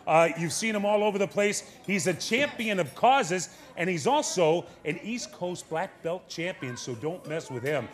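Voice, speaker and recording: Male TV host, eager intro, fairly high voice, a few ums and uhs. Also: animated, normal speed, few pauses. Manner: enthusiastic, hesitant with fillers. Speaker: TV show host. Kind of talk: introducing a guest. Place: TV studio.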